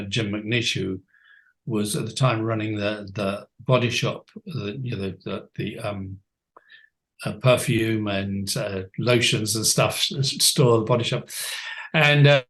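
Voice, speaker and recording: A man in his seventies, a coach, telling stories from his life in a reflective interview, thoughtful and often restarting his sentences. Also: fairly low pitch. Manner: thoughtful, with frequent restarts and soft laughs.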